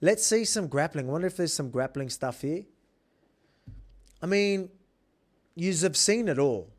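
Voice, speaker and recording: Emphatic Australian fighter, slightly high voice. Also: male voice, lively intonation, measured pace. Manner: emphatic and rambling, with many restarts. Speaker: professional fighter breaking down a bout. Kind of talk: casual fight analysis.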